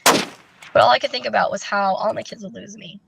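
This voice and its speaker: A woman being interviewed, recounting a personal story in a candid, halting way with many fillers and restarts. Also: mid-range voice, steady tone, gravelly, heavy background noise. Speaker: interview guest. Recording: dull, dry lo-fi recording.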